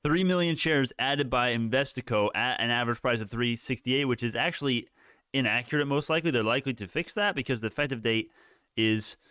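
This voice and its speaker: A man hosts a live market stream, talking through price moves as they happen. He rambles, restarts sentences and swears casually. His voice is smooth and clear, with a dry, close sound and no room echo. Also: mid-range voice, a little fast, sharp tone. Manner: rambling, self-correcting, profane. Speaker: livestream stock market host.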